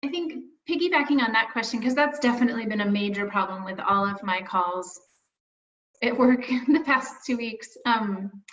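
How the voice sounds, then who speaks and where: A woman's voice: a little high, a bit bright, far from the mic. A woman asks a follow-up question in a conversational tone over a video call. She sits back from the mic, and her voice is dull and echoey. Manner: conversational, follows up on an earlier point. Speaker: workshop participant.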